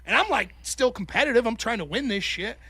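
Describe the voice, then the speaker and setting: A man in his thirties hosts a casual call-in show, spinning crude, animated anecdotes. His voice sits high and swings widely in pitch, with a bright, forceful edge. The sound is dry and close. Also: fairly quick, husky, no echo. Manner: animated, profane storytelling with acted-out quotes. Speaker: host.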